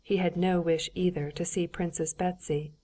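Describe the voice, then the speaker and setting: A woman narrating a classic novel as an audiobook in an even, measured storytelling manner. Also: fairly low pitch. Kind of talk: scripted narration.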